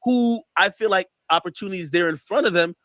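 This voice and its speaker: A man's voice: sits high, fairly quick, a bit bright, no echo. Man hedging in a dry podcast clip. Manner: hesitant, full of fillers and restarts. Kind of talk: casual conversation.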